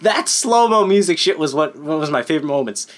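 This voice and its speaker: A man with a fairly high voice talks through an anime review in a loose, rambling way. He is excitable and swears constantly, stumbling through restarts and filler words. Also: fairly quick. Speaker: anime YouTuber. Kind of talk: casual unscripted anime review.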